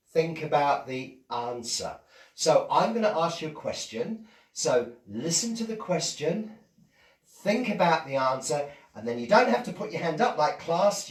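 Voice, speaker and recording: Children's entertainer, male, playful and lively, raised voice, echoey room, distant mic. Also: a little high. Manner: animated, playful, asks kids questions. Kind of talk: storytelling to children.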